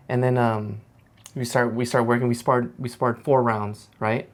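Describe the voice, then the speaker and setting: A man's voice: medium pitch, moderate pace. A man, a professional boxer, telling stories in a casual, slangy chat and acting out the people in them. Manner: animated, slangy, acts out voices in his stories. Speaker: professional boxer reacting to anime.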